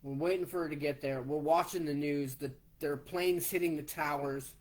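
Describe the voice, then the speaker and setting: A man in his forties, slowly telling a personal story in a plain way, step by step. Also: on the high side, fairly even intonation. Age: 40s. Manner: slow, plainspoken, retelling step by step. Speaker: vlogger.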